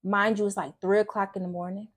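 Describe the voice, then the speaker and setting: A young woman talks openly about her faith and her past, earnest and emotional. Her voice is husky and of middle pitch. She speaks casually, often stopping to restart a sentence. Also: flat delivery, fast. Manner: casual speech with frequent restarts. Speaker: faith vlogger. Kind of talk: personal testimony talk.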